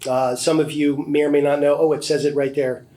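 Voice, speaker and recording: A man's voice: fairly high pitch, little pitch movement, fairly quick, dark tone, rough recording. A man emceeing an indoor gala, ad-libbing with many fillers as he introduces guests and speakers. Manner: hesitant, many fillers, loosely ad-libbed. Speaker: former board chair acting as emcee. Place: large indoor banquet hall.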